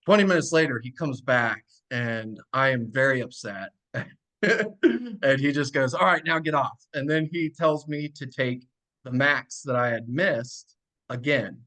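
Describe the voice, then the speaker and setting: A man in his thirties, a podcast guest and strength coach, telling stories casually with lots of fillers. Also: mid-range voice. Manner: relaxed, many fillers, laughs while telling stories. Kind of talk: casual storytelling.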